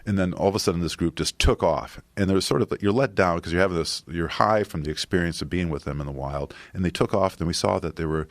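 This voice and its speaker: A man, a filmmaker guest on a podcast, speaking softly and haltingly with many restarts. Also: deep voice, dry recording. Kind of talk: casual interview chat.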